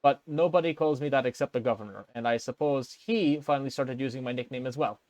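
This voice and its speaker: A man's voice: mid-range voice, fast talker, a little mellow, dry recording, close to an everyday voice. A man putting on a jovial Italian quartermaster. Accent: attempted Italian. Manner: jovial, teasing, a little smug. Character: friendly, portly male Italian quartermaster.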